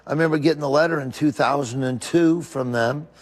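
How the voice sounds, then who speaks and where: Man, comedian, tearful, emotional, laughing through tears, slightly high voice, long reverb. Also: a little fast. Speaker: comedian guest on a podcast. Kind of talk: casual interview storytelling.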